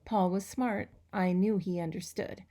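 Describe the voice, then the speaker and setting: A woman's voice: medium pitch, unhurried. Woman reading a children's story aloud. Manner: expressive, lively storytelling. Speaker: reader.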